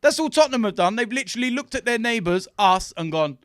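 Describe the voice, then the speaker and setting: A man trading casual football banter on a podcast, jokey and animated. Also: very high-pitched, quick pace, no echo, clean studio sound. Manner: animated, jokey trash talk with laughs. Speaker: podcast guest and fan pundit.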